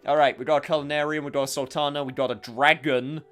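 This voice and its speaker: A man's voice: a little high, level tone, fast, a bit bright, smooth, soft background music. A man streaming a game, chatting casually and reading its dialogue aloud. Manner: chatty, rambling with restarts.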